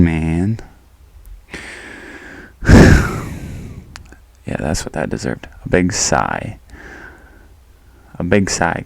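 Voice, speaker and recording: A man's voice: deep voice, vocal fry, mellow, no echo. A young man from the Midwest hosting a casual solo podcast, joking and laughing at himself and going off on tangents. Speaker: podcast host.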